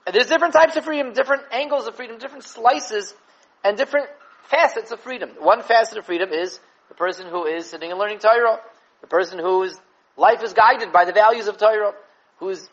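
A man giving an animated Torah class on the weekly portion, mixing Hebrew and Yiddish terms into English and repeating words as he thinks. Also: high-pitched, dull audio. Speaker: Torah teacher.

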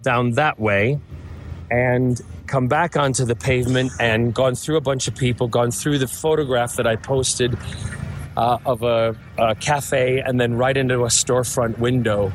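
A man filmed outdoors on a city street, describing a scene as an eyewitness with many pauses. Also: medium pitch, fairly even intonation. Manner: hesitant, shaken, describing the scene. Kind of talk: on-the-spot eyewitness video. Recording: street recording with traffic noise. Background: faint traffic and street sounds.

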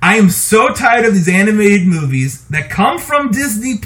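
A man co-hosting a podcast, talking casually about movies in an animated, opinionated way and laughing often. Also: sits high, moderate pace. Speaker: podcast co-host.

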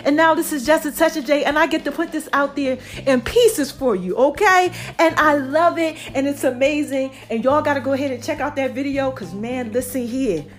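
Woman podcast host, high voice, winded, slangy chatty solo talk, soft music underneath. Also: normal speed, few pauses. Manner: chatty, slangy, calls listeners y'all and child. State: out of breath. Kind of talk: casual monologue to listeners.

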